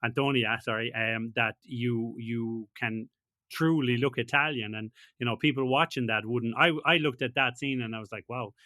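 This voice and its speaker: Bright-voiced male interviewer, dry sound. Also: medium pitch, fairly even intonation, no room sound. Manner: halting, many "you know" fillers. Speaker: podcast host, interviewer. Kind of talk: casual interview chat.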